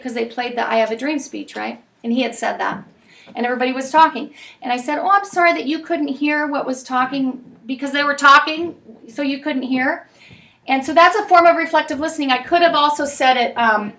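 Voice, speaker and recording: A woman in her forties leads a parenting class in a classroom. Her voice is high and bright. She talks in a lively, chatty way and tells stories full of fillers and asides. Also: brisk, distant mic. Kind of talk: leading a class discussion.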